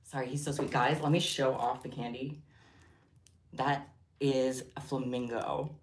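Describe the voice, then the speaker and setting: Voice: mid-range voice, fairly even intonation, a little slow. A livestream host chatting casually while crafting, giggly and rambling off on tangents. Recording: roomy echo.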